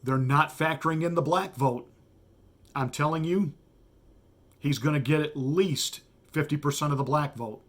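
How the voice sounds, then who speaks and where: A man's voice: fairly high pitch, moderate pace. A man, a pastor who hosts his own show, delivering a combative and mocking political commentary monologue with heavy emphasis.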